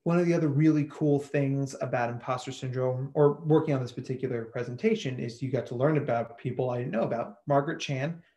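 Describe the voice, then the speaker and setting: A man and psychologist giving a lively, chatty webinar presentation over a video call. He often repeats words as he thinks out loud. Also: medium pitch, fairly quick, few pauses.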